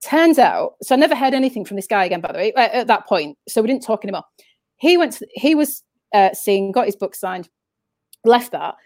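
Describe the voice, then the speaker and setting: In this casual interview chat, a northern English woman rambles through her stories, frequently starting sentences over. She has a medium-pitched, sing-song voice with a touch of mellowness and a fairly quick pace, captured in a dry recording.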